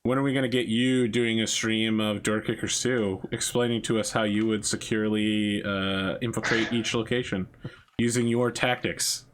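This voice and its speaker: A man's voice: lowish voice, flat delivery, moderate pace, slight background noise. A man in casual chat after a tabletop role-playing game, joking and teasing the players.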